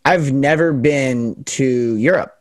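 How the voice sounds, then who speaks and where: A young man with a standard American accent explains at length in an earnest, chatty way, his sentences running on with "like" between them. His pitch is ordinary middle range. The recording is close and dry. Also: takes it slowly, dry recording. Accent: General American. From United States. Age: young adult. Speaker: political science student. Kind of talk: casual chat, explaining.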